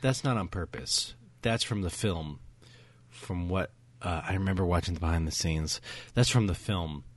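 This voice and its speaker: He has a low voice and a moderate pace, with no room sound, as co-host of a relaxed film review podcast. Retelling a scene, he sounds eager and enthusiastic, full of fillers.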